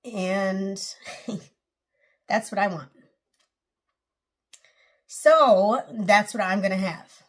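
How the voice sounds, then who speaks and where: A woman's voice: mid-range voice, extremely slow, pauses often. A woman in her forties hosting a casual personal vlog, talking in a rambling, earnest way with many restarts, and emotional at times. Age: 40s. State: emotional, close to tears. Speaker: channel host.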